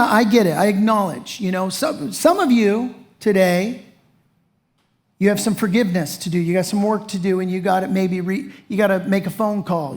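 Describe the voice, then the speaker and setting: A man's voice: high-pitched, vocal fry, darkish tone. A male pastor preaching a sermon in a folksy, conversational way, often saying "you know".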